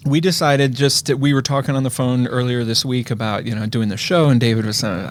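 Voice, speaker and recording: A man's voice: medium pitch, a little fast, hardly any pauses. Chatty laughing man co-hosting a podcast. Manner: chatty and rambling, laughs easily. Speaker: podcast co-host. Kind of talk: casual chat. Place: podcast studio.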